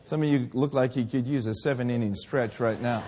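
A man preaching a sermon, telling stories and then building to shouted calls to the congregation. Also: medium pitch, a little fast, noisy background. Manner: storytelling, rising to shouted exhortation.

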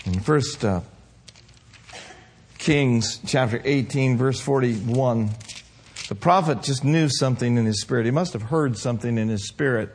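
A male pastor preaching an impassioned sermon with a hoarse voice, swinging from soft to shouting. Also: mid-range voice, unhurried.

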